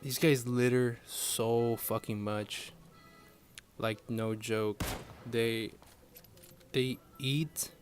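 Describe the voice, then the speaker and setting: A man's voice: mid-range voice, fairly even intonation, very slow, pauses often, over music. A young man ranting casually to his viewers, rambling and swearing often in frustration. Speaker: vlogger. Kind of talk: casual profane rant.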